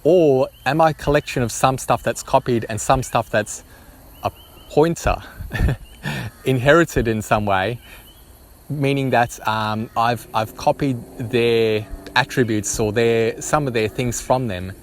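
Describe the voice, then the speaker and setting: A man thinks out loud in a casual vlog at a middling pitch. He stumbles through his ideas, restarting sentences and filling the gaps with ums. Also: takes it slowly. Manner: hesitant, many restarts and ums. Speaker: vlogger. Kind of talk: spontaneous musing to camera.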